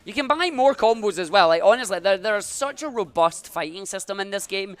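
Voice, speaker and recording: A man's voice: high voice, animated, brisk, clean tone, dry recording. Give me a man narrating his own speedrun live, calling every jump and dash. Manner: upbeat, talks through each move as he plays.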